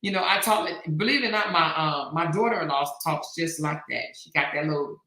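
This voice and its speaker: A woman's voice: deep voice, a little fast, few pauses, bright, forceful tone, reverberant. A middle-aged woman hosting a casual live stream, chatty and slangy, reading viewer comments aloud. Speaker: host.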